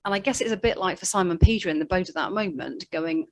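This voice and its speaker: A woman's voice: on the low side, lively intonation, quick pace, few pauses. Chatty woman preaching. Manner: chatty, storytelling, with fillers and asides. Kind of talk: conversational sermon.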